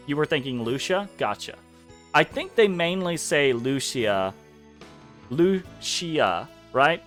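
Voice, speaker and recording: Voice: mid-range voice, a bit bright. A let's play host giving casual, rambling game commentary, swearing freely and laughing.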